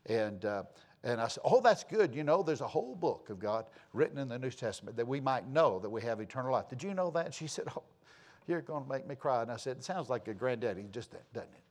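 A middle-aged man preaching a sermon, telling stories and swinging from loud to hushed. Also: mid-range voice, quick pace. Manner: folksy, animated storytelling with sudden loud and soft swings. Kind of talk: sermon with storytelling.

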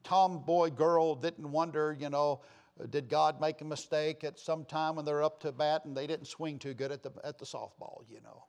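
A man delivers an impassioned sermon in a slightly high voice. He swings from loud, emphatic declarations down to quiet asides and keeps turning to his listeners with rhetorical questions. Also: fairly even intonation, normal speed.

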